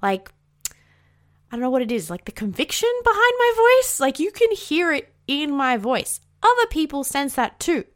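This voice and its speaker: A woman's voice: high-pitched, sing-song, normal speed. An Australian woman hosting a casual solo podcast, bubbly and outspoken, swearing freely, with rising inflections at the ends of her sentences. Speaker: podcast host.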